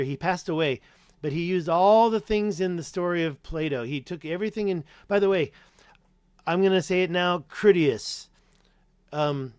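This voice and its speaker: A native English-speaking YouTube host answers live chat in a casual stream Q&A, his voice slightly high. He rambles between points, corrects himself as he goes, and reads out viewer names between answers. The audio is close and dry with no room echo.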